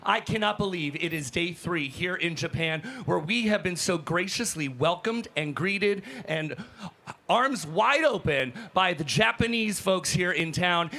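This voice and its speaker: A high, gravelly male hype host works a convention floor. He shouts with excitement and chats with fans as he moves through the crowd. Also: measured pace. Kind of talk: energetic live event hosting.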